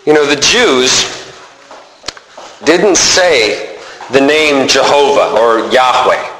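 A man preaching a sermon in an animated way, acting out the voices he quotes. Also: mid-range voice, slow. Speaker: pastor. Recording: roomy hall reverb, faint noise.

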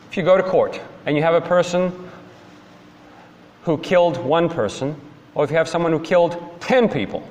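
A man preaching a sermon, sometimes mimicking complainers in a high voice, then dropping low and stern. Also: long reverb tail.

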